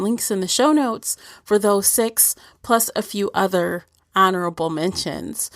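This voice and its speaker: A woman hosting a book podcast, chatting casually and getting animated when she jokes. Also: dry recording. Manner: animated, quick jumps in pitch when joking. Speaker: podcast host.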